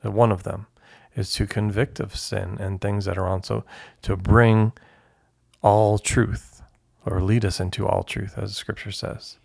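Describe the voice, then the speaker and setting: A man co-leading a Bible study discussion, speaking in a measured way and listing words one by one. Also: lowish voice, level tone, gravelly, a little mellow, no echo, studio quality.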